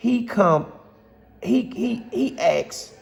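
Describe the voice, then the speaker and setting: A man's voice: very high-pitched, lively intonation, extremely slow, vocal fry. Passionate rambling man in an echoey hall. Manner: passionate, rambling, repeats himself. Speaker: vlogger. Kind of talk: casual football rant to camera. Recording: long hall reverb.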